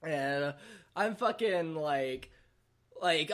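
A man's voice: a little high, animated, normal speed, fairly bright tone. A young man casually telling a rambling, profane party story on a podcast, laughing often. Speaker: podcast host.

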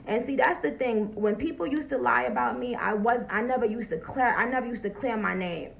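A woman, talking loudly and profanely on a phone livestream and greeting viewers as she goes. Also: fairly high pitch, brisk, gravelly, lo-fi sound. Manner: loud, profane and animated, greeting viewers between points. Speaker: livestream host. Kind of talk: casual livestream talk.

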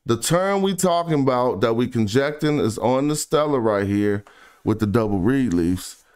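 In a casual screen-share session, a man with a speech pattern presents his independent research online in an easy, unscripted way. He has a smooth, resonant mid-pitched voice, reads passages slowly, and drifts off into quiet, low asides.

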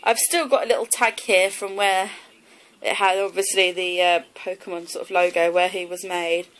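A woman's voice: fairly low pitch, little pitch movement, normal speed, fairly bright tone, rough recording. A woman, chatting casually through a haul video, rambling with lots of ums and likes. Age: 20s. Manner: chatty and rambling, many fillers like um and like. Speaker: vlogger.

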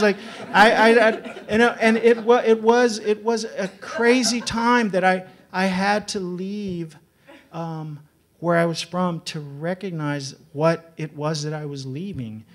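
A man from Texas, a writer on a panel, telling humorous personal stories in an animated way, laughing often and stumbling over repeated words as he starts sentences. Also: high voice, unhurried. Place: live panel event.

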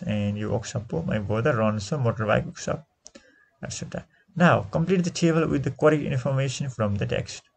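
A man with a Nepali accent teaching an English lesson, repeating each answer slowly and switching into Nepali to explain. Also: mid-range voice, creaky, slightly rough.

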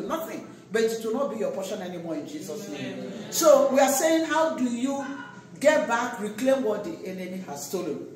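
A pastor preaching a sermon, swinging between loud exhortation and quiet asides. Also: high voice. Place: large echoey church hall. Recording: echoey church hall from far off.

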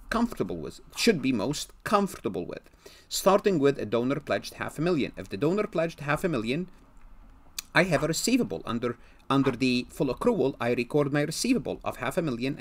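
A man giving a recorded accounting lecture, posing questions and answering them himself and repeating key words for emphasis. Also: medium pitch.

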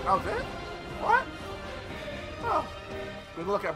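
A man giving loud, profane, excitable commentary while playing a video game. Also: mid-range voice, normal speed, long pauses. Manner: loud, profane, yelling reactions. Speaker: gameplay commentator. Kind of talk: excitable let's-play commentary. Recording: game audio with music behind.

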